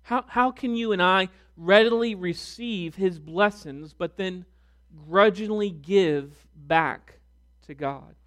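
A man preaching a sermon as pastor, reading scripture with deliberate emphasis. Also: high-pitched, a bit bright. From United States.

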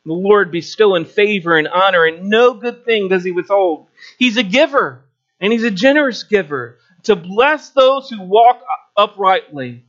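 A man's voice: lively intonation, a bit bright. A man preaching a sermon, telling a story with rising and falling delivery. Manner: storytelling with shifting pitch and pauses. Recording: dull lo-fi recording.

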